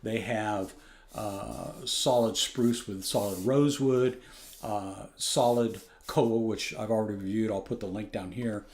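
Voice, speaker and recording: A man's voice: fairly low pitch, steady tone, measured pace, darkish tone. A man giving a casual spoken ukulele review at home on a phone microphone, rambling and correcting himself with keen enthusiasm. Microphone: external phone microphone.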